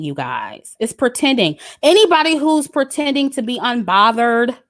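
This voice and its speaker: A YouTube commentator, a woman with a fairly bright, higher voice, rants casually straight to camera. She's blunt, curses freely, and repeats her points for emphasis.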